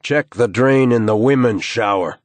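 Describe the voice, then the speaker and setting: A man's voice: mid-range voice, normal speed, dry recording, pitched above the performer's own voice, natural voice. A man voicing a persistent, dry-joking male police detective who speaks insistently in an audiobook.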